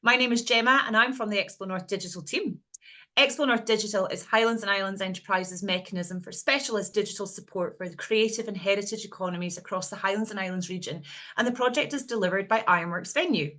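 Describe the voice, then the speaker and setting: A woman's voice: mid-range voice, fast, sharp tone. A woman reading a formal scripted welcome to open an online session. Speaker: session presenter.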